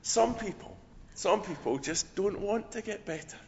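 A hoarse man preaching a sermon as a pastor, measured and earnest. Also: high-pitched, expressive, a little hiss or hum. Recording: dull lo-fi recording in a reverberant church.

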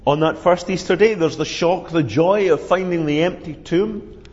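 A man preaching a sermon, telling the Easter story in an earnest, measured way. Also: fairly high pitch, a little mellow. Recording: dull, reverberant hall sound.

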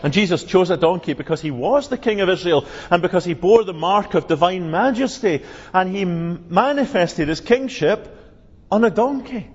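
A man preaches an earnest, emphatic sermon in a high, husky voice, his words ringing through a church's long reverb. The recording is dull and lo-fi. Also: lively intonation, moderate pace. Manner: earnest, emphatic preaching, rising on quoted cries. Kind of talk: sermon expounding scripture.

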